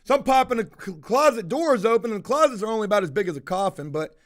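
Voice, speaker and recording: A man's voice: sits high, lively intonation, fast. A man telling a heated, profanity-heavy story in a casual monologue with lots of emphasis.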